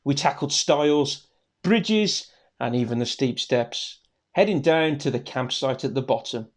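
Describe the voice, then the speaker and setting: A man's voice: medium pitch, expressive, unhurried, no room sound. A British man narrating a hiking vlog outdoors on a countryside trail, chatty and jokey. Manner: chatty, jokey, self-mocking. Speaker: hiking vlogger.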